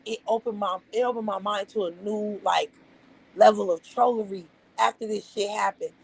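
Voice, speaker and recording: Woman streamer, Las Vegas vernacular, husky and gravelly, profane rambling rant to chat. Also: mid-range voice, fairly even intonation, moderate pace, rough recording. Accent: Las Vegas, African American Vernacular English. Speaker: livestream host. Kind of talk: casual livestream rant.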